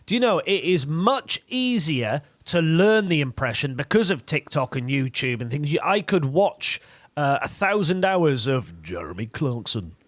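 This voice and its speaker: Male impressionist guest, animated, voice leaps around, dry studio sound. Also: on the high side, measured pace, dry recording. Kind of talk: radio interview chat.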